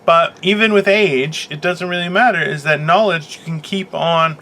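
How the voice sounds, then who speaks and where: Bright-voiced joking man, high for a man. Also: normal speed. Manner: joking, teasing, laughs often. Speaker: co-host. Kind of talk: casual comedic chat.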